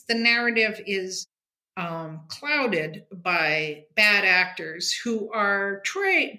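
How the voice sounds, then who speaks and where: Sixties woman guest, frank and punchy, bright tone, echoey room. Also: mid-range voice. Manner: blunt, emphatic, keeps asking "okay?". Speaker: guest, comics editor and journalist. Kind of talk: casual interview talk.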